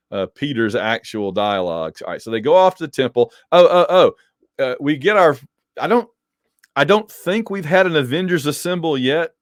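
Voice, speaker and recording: A man casually reviewing a comic book issue, animated and digressive, with joking asides. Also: mid-range voice, dry recording, studio quality. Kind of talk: casual commentary.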